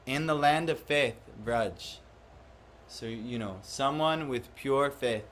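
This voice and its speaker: A man's voice: mid-range voice, slow pace, fairly bright tone, slight background noise. Man teaching a devotional class. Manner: questions the audience, acts out quoted voices. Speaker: spiritual teacher. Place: room with a live audience.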